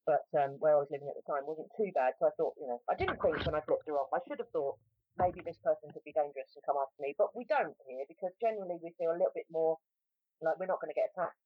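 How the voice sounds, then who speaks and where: Brief: South London woman, low-pitched, chatty podcast guest, heavy on "mate", tinny phone-line sound. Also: lively intonation, quick pace, slightly rough, no echo. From South London, England. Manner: chatty, self-interrupting, says mate a lot. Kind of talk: casual podcast chat.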